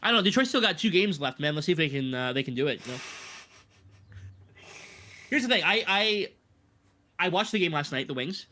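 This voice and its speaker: Brisk, bright-toned young man. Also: a little high, lively intonation, a little hiss or hum. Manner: rapid, enthusiastic, sarcastic at times. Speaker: podcast co-host. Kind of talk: casual podcast chat.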